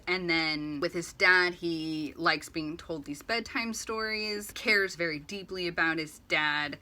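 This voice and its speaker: A video essay host with a fairly low, bright, forceful female voice rambles casually as she compares a book series with its film adaptation, performing lines in little character voices.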